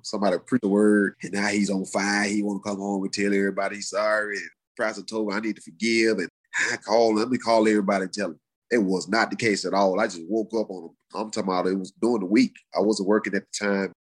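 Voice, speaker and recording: A middle-aged man, telling his life story in a casual, animated way. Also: quick pace. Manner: animated, acts out quoted voices in high pitch. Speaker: guest sharing his testimony. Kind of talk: conversational storytelling.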